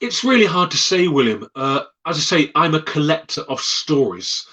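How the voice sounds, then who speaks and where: A man telling ghost stories as a guest, dramatic and animated, acting out the voices. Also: fairly high pitch, moderate pace, low-quality recording. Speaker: storyteller guest. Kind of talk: spoken ghost storytelling.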